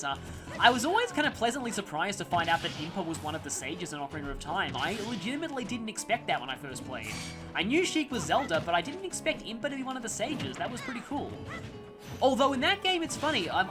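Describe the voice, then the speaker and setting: Let's-play commentator, casual, rambling, animated pitch, game music in background. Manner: rambling, chatty, with gaming trivia digressions. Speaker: gameplay commentator. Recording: game music playing under voice.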